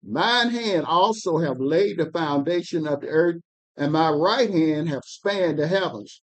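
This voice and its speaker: Reading scripture to a Bible class, this man's slightly high voice is expressive as he goes slowly and with emphasis, lifting up on the key words.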